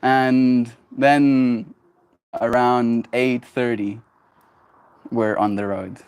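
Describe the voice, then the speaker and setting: A man in his twenties, a streamer telling a personal story in a casual livestream, emphatic and quick to laugh. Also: medium pitch, clear, resonant tone. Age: 20s. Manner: animated and emphatic, laughs often, swears.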